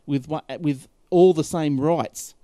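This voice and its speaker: A man's voice: on the high side, takes it slowly, dark tone, no room sound. A man hosting a casual talk show, reading news items aloud and chatting with his co-hosts, laughing often. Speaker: host.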